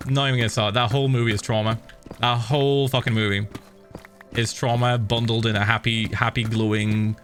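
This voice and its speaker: A man's voice: medium pitch, fairly bright tone. A man streaming a game, chatting casually and animatedly, swearing and laughing often. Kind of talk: casual livestream chat while gaming.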